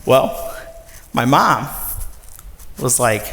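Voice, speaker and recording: A man in his thirties giving a personal storytelling talk to an audience, lively and acting out the voices of others. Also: mid-range voice, normal speed, noisy background. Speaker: nonprofit director giving a talk. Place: large former factory floor before an audience. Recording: long reverb of a large hall.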